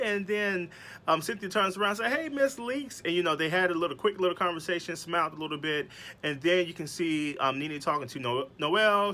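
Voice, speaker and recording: A man's voice: a little high, pushed and bright. A man hosting his own show, recapping a reality TV episode in a casual, chatty way, with many fillers and rhetorical questions.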